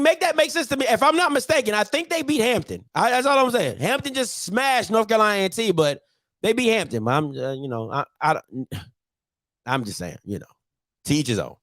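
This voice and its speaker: A man's voice: high-pitched, a bit bright, dry recording, studio quality. A man hosting a casual football recap, ranting and talking straight to his viewers. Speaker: sports show host.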